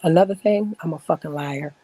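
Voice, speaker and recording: A woman's voice: deep voice, fairly quick, warm tone, low-quality recording. A woman in her forties telling stories in a casual chat as a podcast guest, blunt, boastful and full of profanity.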